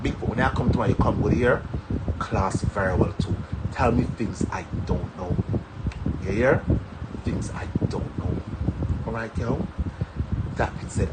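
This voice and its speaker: A man's voice: fairly low pitch, very noisy. A man from Jamaica with a Jamaican accent, chatting casually and animatedly on a live stream, rambling and laughing between stories.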